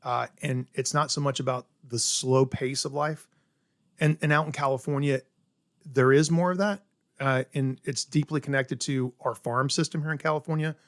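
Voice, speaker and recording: A middle-aged chef from South Carolina talks through his cooking in an interview, eager and methodical, tagging points with "right?". His voice sits at a middle pitch. The recording is dry and close, with no room sound. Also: steady tone, moderate pace, dry recording. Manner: enthusiastic, explains step by step with many "right?" tags. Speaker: chef guest. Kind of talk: casual interview chat.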